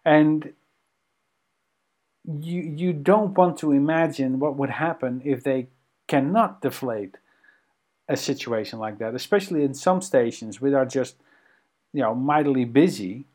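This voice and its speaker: Halting, animated male podcast co-host. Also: mid-range voice. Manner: animated, hesitant with many ums and restarts. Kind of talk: casual conversation.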